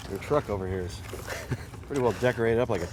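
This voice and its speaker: A man's voice: medium pitch, fast talker, a little hiss or hum. A man hosting a comedy cooking segment outdoors at a tailgate, teasing his guest in playful banter. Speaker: comedy show host. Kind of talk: joking cooking segment interview. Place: outdoors at a stadium parking lot tailgate.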